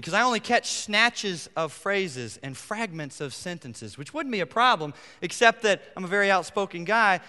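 A middle-aged man preaching a sermon as pastor, emphatic, rising to near-shouts on his key points. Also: fairly high pitch. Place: church sanctuary. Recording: long hall reverb.

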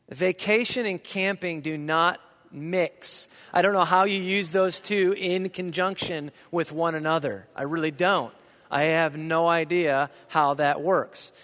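Middle-aged male pastor from Indiana, high voice, animated anecdotal sermon delivery, reverberant hall. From Indiana, USA. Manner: lively anecdotal storyteller, jokes with the audience. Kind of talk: storytelling sermon. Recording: long reverb of a large hall.

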